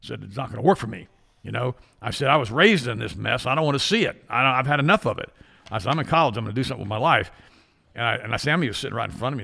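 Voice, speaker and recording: An older man hosting a studio talk show, telling a rambling, animated story full of restarts. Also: on the low side, vocal fry. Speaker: show host.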